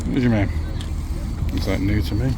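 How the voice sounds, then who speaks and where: A man's voice: on the low side, steady tone, normal speed, vocal fry. A chatty, upbeat man vlogging as he haggles with sellers at an outdoor car boot sale, calling them darling and buddy. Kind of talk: casual walk-and-talk haggling. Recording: outdoor recording with background noise. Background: crowd and vehicle noise.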